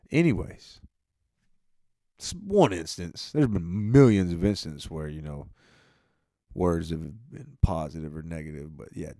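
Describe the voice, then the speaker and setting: A man hosting a podcast, telling a rambling, profane story in a laid-back way, his voice often trailing off quietly at the end of phrases. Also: low-pitched, no room sound, clean studio sound. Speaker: podcast host. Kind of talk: casual monologue.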